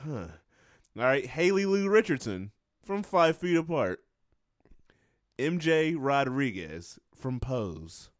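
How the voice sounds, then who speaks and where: Lively, playful male podcast co-host. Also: medium pitch, takes it slowly, no echo, studio quality. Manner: playful, reads nominee lists, laughs often. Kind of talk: casual podcast chat.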